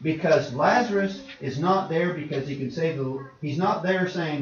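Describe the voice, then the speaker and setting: A man preaching a sermon in a church, shifting between quiet storytelling asides and forceful, emphatic exhortation. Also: a little high, expressive, normal speed, hardly any pauses. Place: church sanctuary. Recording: echoey church room, distant mic, dull lo-fi.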